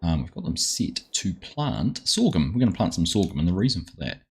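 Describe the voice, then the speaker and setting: Host: low husky New man, relaxed chatty stream talk, greets viewers. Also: a little fast. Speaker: gaming livestream host. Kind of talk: casual chat while playing a farming game.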